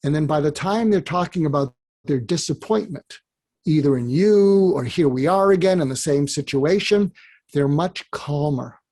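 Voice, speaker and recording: A man, a psychiatrist guest on an interview, giving advice in animated storytelling that acts out dialogue. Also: fairly high pitch, moderate pace.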